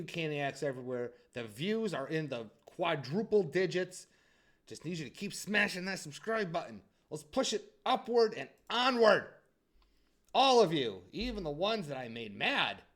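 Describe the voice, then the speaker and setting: Playful, slightly high-voiced sports host. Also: male voice. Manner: playful, teasing, swings between loud hype and quiet asides. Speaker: hockey channel host. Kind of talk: casual sports news commentary.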